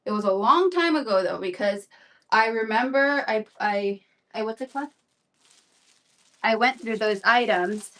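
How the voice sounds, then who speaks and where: A woman's voice: fairly high pitch, lively intonation, a little slow, long pauses, a bit bright, far from the mic. A woman selling clothes on a live stream, chatting and rambling with fillers and repeats, a little out of breath. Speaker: live shopping seller. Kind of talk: live-stream sales chat.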